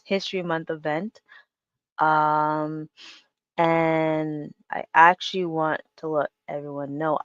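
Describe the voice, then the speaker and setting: A woman's voice: low voice, fairly bright tone, no room sound, highs cut off. A woman hosting her own podcast, chatting casually and rambling with many fillers and restarts. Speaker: podcast host. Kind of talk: casual solo podcast chat.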